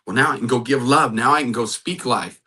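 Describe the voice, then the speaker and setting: A man hosting a faith-based talk, urging love and repeating affirmations in a soft, earnest way. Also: medium pitch, brisk, husky. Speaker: host and matchmaker.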